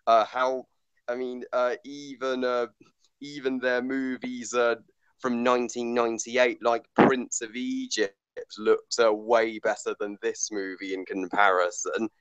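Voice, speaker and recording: A man talks through a movie review in loose, halting sentences, stumbling over fillers and restarts while swearing bluntly. His voice is smooth and resonant, and the recording is close and dry with no room around it. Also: mid-range voice, little pitch movement, a bit bright, no room sound, dull audio. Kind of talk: casual movie review chat.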